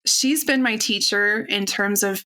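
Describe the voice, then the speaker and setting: Bright-voiced woman telling her story. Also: mid-range voice, a little slow. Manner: open, earnest, conversational with fillers. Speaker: podcast guest, functional nutritionist. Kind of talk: candid personal storytelling.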